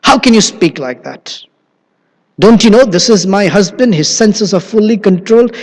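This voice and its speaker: Man doing an indignant goddess, scolding, outraged, raised pitch, long hall reverb. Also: expressive, normal speed. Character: indignant goddess wife, fierce and protective.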